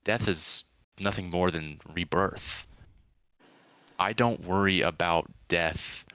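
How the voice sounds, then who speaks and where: A man voicing an unsettling ship captain who speaks in an oddly friendly, deliberate way. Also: low voice, bright, forceful tone, no room sound, full character voice. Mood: calm. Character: unsettling male ship captain, calm and heretical.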